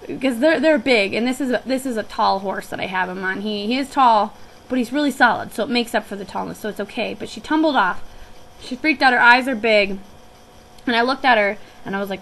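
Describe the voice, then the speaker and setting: A woman's voice: mid-range voice, a little fast, fairly bright tone, slight background noise, poor audio. A young woman who works on a guest ranch, telling a personal story in a chatty, reflective way with frequent restarts.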